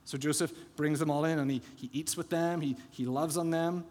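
A man's voice: fairly high pitch, steady tone, fairly quick, darkish tone. A man preaching a sermon as pastor, retelling scripture scenes in an earnest, expository way. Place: church sanctuary. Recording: long church hall reverb.

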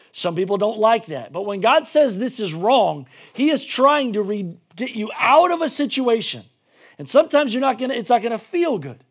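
A male pastor preaching a sermon emphatically, swinging between shouting and hushed tones. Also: high-pitched, slightly rough.

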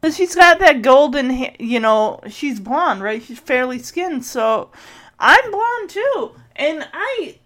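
A woman's voice: high voice, very animated, slow pace, fairly bright tone. A woman casually recapping a TV episode, chatty and giggly, retelling scenes with quoted lines. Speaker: podcast host recapping a TV episode. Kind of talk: casual chat.

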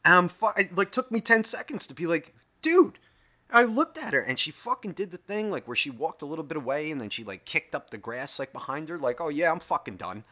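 A man's voice: on the high side, lively intonation, fast, few pauses, sharp tone. A man telling a rambling everyday story in a casual comic monologue, swearing heavily. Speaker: host.

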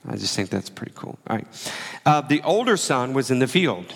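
A man preaching a sermon in a relaxed, conversational way, acting out the quoted lines as he tells the story. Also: mid-range voice, fairly quick, gravelly, slightly rough, big-room sound. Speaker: pastor.

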